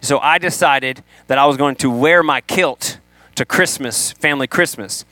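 A man preaching a sermon to a room, animated, acting out the people he quotes. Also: mid-range voice, normal speed, no room sound. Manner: animated, acts out quoted voices.

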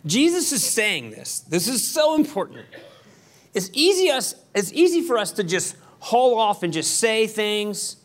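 A man preaching a sermon as pastor, conversational with quick asides and emphatic repetition. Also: high voice, sing-song.

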